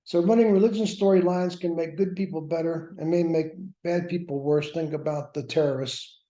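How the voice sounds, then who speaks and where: A man's voice: a little high, steady tone, moderate pace, mellow. A man teaching a workshop class, lecturing with wry, self-mocking asides. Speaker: workshop instructor. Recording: roomy echo.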